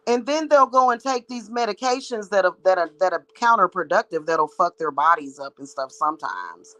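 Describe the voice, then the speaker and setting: A woman's voice: lowish voice, animated, normal speed, fairly bright tone, rough recording. A woman who works as a psychic reader, ranting to her viewers in a blunt, heated, profane monologue. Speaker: psychic reader and spiritual practitioner.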